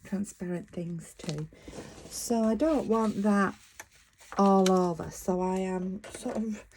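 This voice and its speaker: A woman's voice: medium pitch, takes it slowly, a little mellow, slight background noise, poor audio. A middle-aged woman from northern England with a Lancashire accent, chatting casually through a crafting tutorial while she works. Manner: chatty, self-interrupting, talking while working. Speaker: craft vlogger.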